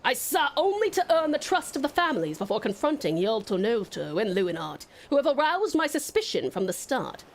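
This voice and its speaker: A woman voicing a theatrical, self-assured gentleman detective in a game playthrough, with grandiose, formal diction. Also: a little high, sing-song, fairly quick, hardly any pauses. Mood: pompous.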